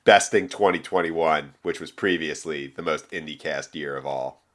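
A man's voice: very deep voice, moderate pace, fairly bright tone. A man co-hosting a casual music podcast, wry and laid-back with strong opinions. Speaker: podcast co-host.

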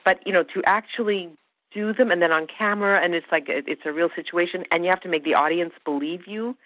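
A woman's voice: on the low side, fast talker, dry recording. A woman actress raised in Canada with Hungarian as her first language, chatting effusively in an interview and laughing often. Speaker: actress guest. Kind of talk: casual interview chat. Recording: dry, slightly dull podcast sound.

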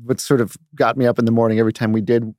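A man with a soothing, measured way of telling stories, chatting casually as a regular in a studio podcast. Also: medium pitch, level tone, a little mellow, no echo. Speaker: podcast regular, review curation manager.

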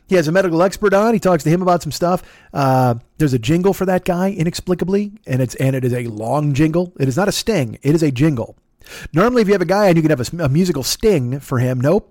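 A man hosts a comedy podcast, swearing freely and ranting in a sarcastic, rambling way. His voice sits a bit high for a man. The sound is close and dry. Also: a little mellow, dry recording. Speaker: podcast host.

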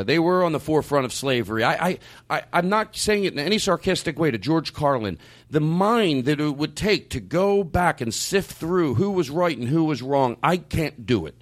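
A man hosting a podcast, talking in a halting, rambling way with many restarts and fillers, with a hint of sarcasm. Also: medium pitch. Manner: openly sarcastic at times. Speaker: podcast host. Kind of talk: casual discussion.

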